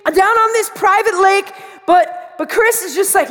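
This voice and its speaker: A woman pastor preaching a sermon to students, telling a story with animated delivery and acting out her own panic. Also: extremely high pitch, measured pace. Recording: long reverb of a large hall.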